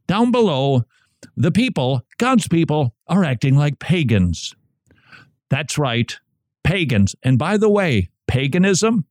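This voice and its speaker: A male talk radio host riffing through a monologue, his mid-range voice swinging up and down with lively inflection. He jokes along the way and acts out snippets of everyday chatter. The sound is close and dry, with no room echo. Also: mid-range voice. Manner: animated, jokey, acts out quoted chatter.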